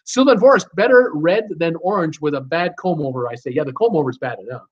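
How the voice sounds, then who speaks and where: A man's voice: a little high, animated, fast talker, muffled recording. A man hosting a live stream, casually reading out viewer names and comments and stumbling over some of them. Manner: casual, chatty, laughs easily. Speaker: host reading live chat.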